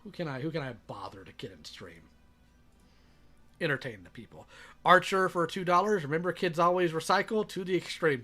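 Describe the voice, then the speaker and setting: A man's voice: fairly high pitch, lively intonation, brisk, sharp tone, soft background music. A man live-streaming his reaction to a video, chatting sarcastically and reading donations aloud.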